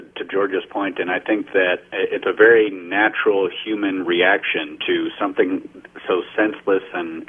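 A man's voice: low-pitched, breathy edge, narrow, tinny audio. A man joining a radio panel discussion as a guest columnist, speaking earnestly and repeating words as he searches for phrasing.

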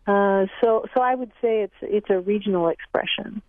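A woman's voice: mid-range voice, normal speed, no room sound. A woman from Kentucky, a language expert on a radio call-in show, chatting and thinking aloud with fillers. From Kentucky, USA. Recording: tinny phone-like line.

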